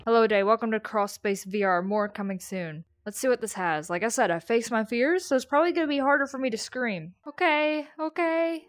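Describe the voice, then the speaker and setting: Excitable young woman gamer, lively pitch. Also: brisk, few pauses, no room sound. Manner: excitable, yelps and gasps. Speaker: gaming YouTuber. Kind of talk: playing horror games, live reactions.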